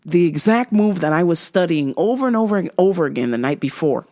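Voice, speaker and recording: Profane, animated woman telling a story. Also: fairly low pitch, quick pace. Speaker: vlogger. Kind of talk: casual storytelling.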